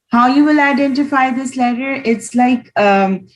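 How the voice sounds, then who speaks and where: A woman's voice: high-pitched, moderate pace, rough recording. A woman teaching Quran reading in an online class, patiently demonstrating each letter sound aloud over a video call.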